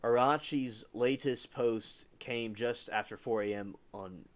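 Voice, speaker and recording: Taking things slowly at a medium pitch, this man hosts a livestream with rambling, casual news commentary. He often stops to correct himself.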